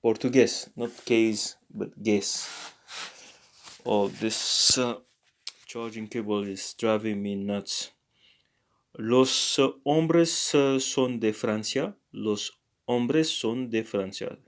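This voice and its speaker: Male language teacher, unhurried, halting delivery full of fillers. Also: lowish voice. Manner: hesitant, many fillers and self-corrections. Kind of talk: casual spoken lesson, reading examples aloud.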